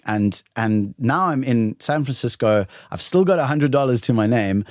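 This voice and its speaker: A man in his thirties hosting a solo podcast, telling a personal story in an animated, excited way and acting out the dialogue. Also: medium pitch, normal speed, no room sound, studio quality. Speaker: podcast host.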